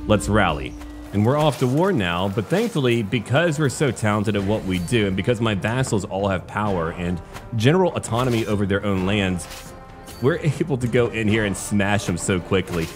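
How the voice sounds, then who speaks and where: A man commenting on his strategy game play in a wry, chatty way, now and then trying out quick joking voices. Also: fairly low pitch. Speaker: game streamer.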